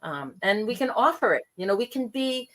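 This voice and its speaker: Middle-aged woman guest, animated storyteller who plays out quoted voices, slightly high pitch. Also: brisk. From New York. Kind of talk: casual conversation.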